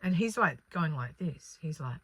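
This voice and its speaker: A woman who works as a spiritual channeller, telling a personal spiritual story in an earnest, animated way with many fillers. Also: sits low, normal speed, slightly rough, no room sound.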